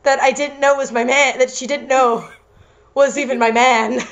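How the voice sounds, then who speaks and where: A woman's voice: high voice, steady tone, normal speed, dull audio. A young woman reading amateur fiction aloud for laughs, stumbling over words and breaking into giggles. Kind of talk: comedic read-aloud of fan-style fiction.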